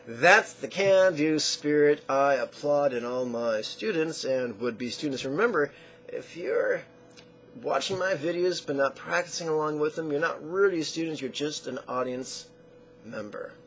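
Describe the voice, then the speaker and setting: Man, mantra teacher, online lesson, slow unhurried delivery, drawn-out chanting, faint background ambience. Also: medium pitch, creaky, a little hiss or hum. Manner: slow, deliberate, coaching the viewer to repeat; chants syllables slowly and drawn out.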